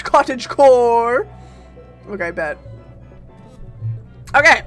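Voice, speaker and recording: A woman streaming a game live, chatting casually and playfully with bursts of loud exclamations. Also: mid-range voice.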